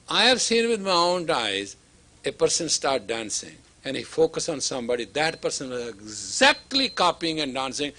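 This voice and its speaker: Lecturing his students as a spiritual teacher, a man with a high, sharp voice is emphatic and repetitive, acting out dialogue and sometimes dropping to a whisper to make a point.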